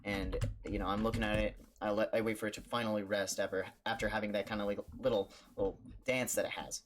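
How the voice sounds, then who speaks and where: A man who streams, telling a jokey story in a casual, animated way, stumbling over restarts and acting out the voices in his story. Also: on the low side, fast. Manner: animated, jokey, with stammered restarts and acted-out quotes.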